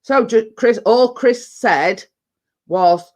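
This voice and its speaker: A middle-aged woman vlogs in a slightly high, somewhat mellow voice, talking slowly. Her casual chat wanders as she tells stories, with lots of fillers and restarts.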